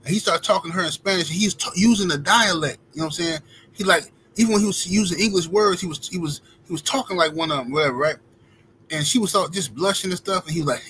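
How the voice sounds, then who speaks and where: A man's voice: fairly high pitch, quick pace, a bit bright, a little hiss or hum, low-quality recording. A man hosting a livestream who tells rambling, slangy stories and reads out viewer super chats. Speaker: livestream host. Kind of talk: casual storytelling and reading super chats.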